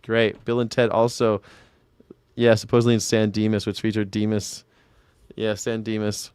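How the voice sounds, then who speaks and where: A man who runs independent news and culture commentary talks loosely with his livestream audience, reading their comments with rambling sarcasm and lots of profanity. His voice sits on the low side, smooth and a little mellow, with fairly even intonation at a moderate pace, in a dry recording.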